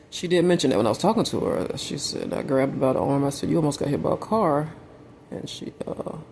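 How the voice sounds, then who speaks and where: Hoarse, halting man vlogging. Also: on the high side, darkish tone, a little hiss or hum. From Southern United States. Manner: halting, drifting, full of fillers and restarts. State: losing his voice, unwell. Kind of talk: rambling personal vlog. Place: at home.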